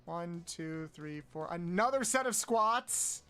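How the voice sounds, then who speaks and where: A man streaming a game, counting aloud, swearing often and yelping high when frustrated. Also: animated, slow, hardly any pauses, bright, forceful tone, smooth, soft background music. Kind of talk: casual live-stream chat while playing.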